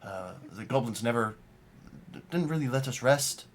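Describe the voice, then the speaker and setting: A man's voice: mid-range voice, lively intonation, moderate pace, slight background noise, close to an everyday voice. A man doing a stammering old gnome. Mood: hesitant. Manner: stammering, hesitant, apologetic. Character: old polite male gnome prisoner.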